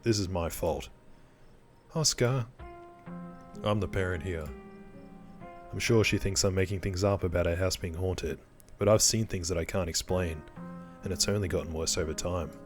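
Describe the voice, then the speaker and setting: A man's voice: sits low, moderate pace, long pauses, faint music behind, lightly acted. A man voicing a worried, guilt-ridden father in a game, pleading and earnest. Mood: remorseful.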